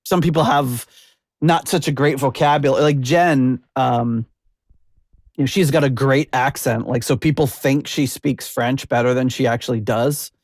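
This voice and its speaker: A man's voice: medium pitch, normal speed, no echo, studio quality. A man hosting a podcast, chatting casually and rambling with restarts. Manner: rambling, lots of fillers and restarts, laughs easily. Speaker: podcast host.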